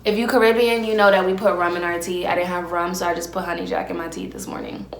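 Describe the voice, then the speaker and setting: This one has a lowish voice, little pitch variation and a quick pace: a young woman hosting a podcast alone, telling crude, brash stories casually while she eats. She records on a phone camera under a ring light, and there's a roomy echo.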